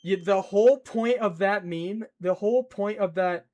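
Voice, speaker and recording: A man chatting casually on a stream in an excitable, rambling way, reacting to chat and scolding his pet. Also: high-pitched, normal speed.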